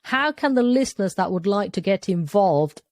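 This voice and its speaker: A woman's voice: medium pitch, animated, moderate pace, no echo. A woman hosting a podcast interview, offering short encouragements and asking questions. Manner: brief supportive backchannels and questions. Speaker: podcast host.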